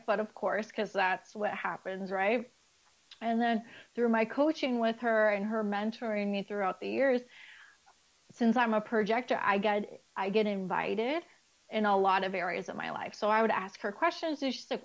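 A middle-aged spiritual life coach talks casually as a podcast guest, animatedly acting out remembered conversations while swearing candidly and laughing. Her mid-range voice is creaky and moderately paced, and the audio is poor.

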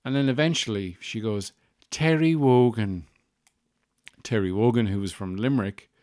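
A man's voice: on the low side, brisk, darkish tone, no room sound, studio quality. A man hosting a podcast, talking in a rambling, wry monologue with self-deprecating asides. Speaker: podcast host. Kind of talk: casual monologue.

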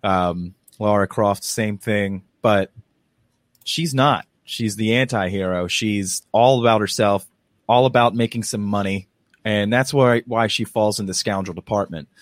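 A man co-hosting a podcast, chatting casually and telling stories in a rambling, animated way with plenty of restarts. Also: on the low side, measured pace, no room sound, clean studio sound. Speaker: podcast co-host. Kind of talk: casual chat.

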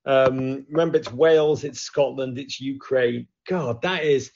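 A man hosting a lively football chat show with callers, joking and swinging from loud to hushed. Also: medium pitch, a little slow. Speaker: host. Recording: dull lo-fi sound.

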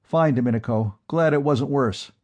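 A bold young space-marine lieutenant gives his orders urgently and firmly, voiced by a man reading a storybook. The voice sits low and mellow, with a husky edge. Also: normal speed, natural voice. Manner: urgent, commanding.

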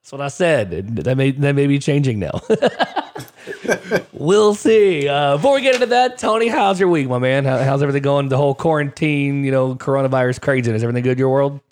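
A man's voice: medium pitch, animated, a little fast, a little mellow. A man co-hosting a casual sports podcast, talking in a chatty way with frequent "uh" fillers. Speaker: podcast co-host.

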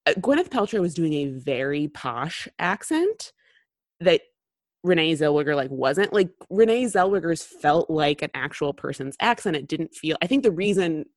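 A woman in her thirties with a low voice chats as a podcast co-host. She talks loosely, full of fillers and restarts. The sound is dry and close with no room echo. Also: big pitch swings, moderate pace. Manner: chatty, many fillers and restarts. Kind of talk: casual chat.

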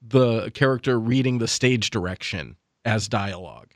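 A man's voice: lowish voice, animated, no echo. Laid-back guy co-hosting, agreeable, dry close sound. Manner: easygoing, agreeable, quick to laugh. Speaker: co-host. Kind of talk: casual chat.

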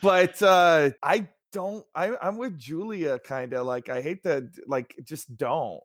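A man's voice: a little high, takes it slowly, dry recording, clean studio sound. Easygoing man chatting about films. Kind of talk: casual film discussion.

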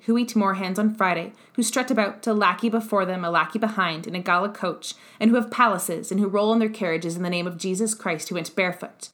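In an audiobook reading, a woman voices a bitter old revolutionary on his deathbed who argues fiercely. Her medium-pitched delivery stays even and measured, close to her everyday voice with little put-on character.

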